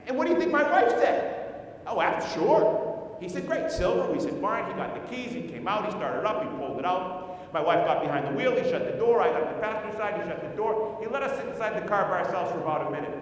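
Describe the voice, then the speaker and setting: A man's voice: sits high, a little hiss or hum. A man giving a sales training talk at a conference, telling a story, acting out the people in it, and firing rhetorical questions at the audience. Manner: acts out the other people in his story. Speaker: conference speaker. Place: large conference hall. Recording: echoey hall, speaker far from mic.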